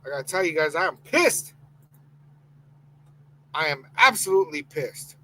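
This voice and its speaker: High-voiced heated podcast host. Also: male voice, very animated, moderate pace, bright, forceful tone, rough recording. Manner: heated, exclaiming, reads chat comments aloud. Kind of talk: live-stream sports podcast rant.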